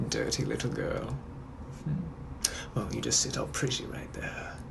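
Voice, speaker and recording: A man voicing a suave, menacing 1800s British gentleman with a British accent, who drawls and flirts in a breathy, often whispered voice for comedic POV role-play. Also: medium pitch, slow pace, noisy background. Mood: teasing menace. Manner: flirtatious and softly threatening, drawling.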